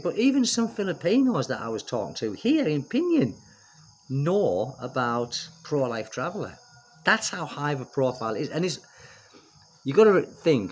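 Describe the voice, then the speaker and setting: A middle-aged British man vlogging in a casual, opinionated way, rambling with lots of fillers and restarts. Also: mid-range voice. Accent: British English. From United Kingdom. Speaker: expat vlogger. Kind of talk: casual chat to camera.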